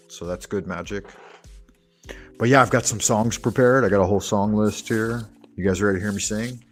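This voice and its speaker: A man hosting a livestream, chatting casually with viewers in crude, profane banter. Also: lowish voice. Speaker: livestream host.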